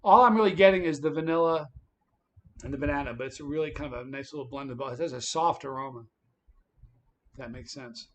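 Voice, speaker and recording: A man hosting a livestream, telling a story in a lively, casual way. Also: mid-range voice, a little fast, long pauses. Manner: animated, tells stories with quoted voices. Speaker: livestream host.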